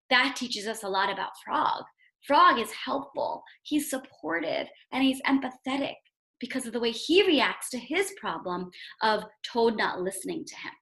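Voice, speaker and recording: A woman teacher reading a storybook aloud and explaining it, asking the listener questions as she goes. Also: high-pitched. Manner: expressive, asks the listener questions. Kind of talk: read-aloud lesson.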